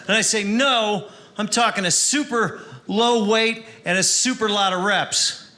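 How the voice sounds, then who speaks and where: A young man doing stand-up with a dry, wry delivery and sudden shouted bits. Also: high-pitched, fairly even intonation, a little slow. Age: young adult. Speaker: stand-up comedian. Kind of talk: stand-up comedy set.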